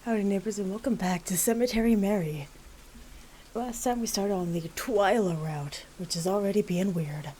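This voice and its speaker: A woman's voice: medium pitch, moderate pace, warm tone, a little hiss or hum, rough recording. A woman hosting a game playthrough in casual commentary, friendly and upbeat. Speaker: let's play host.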